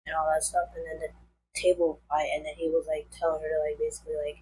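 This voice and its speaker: A woman's voice: deep voice, level tone, fast, dark tone, a little hiss or hum, rough recording. A young woman, likely in her teens, telling a storytime vlog in a rambling casual way, full of fillers. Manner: rambling, many fillers like "like" and "and all that stuff". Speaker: vlogger.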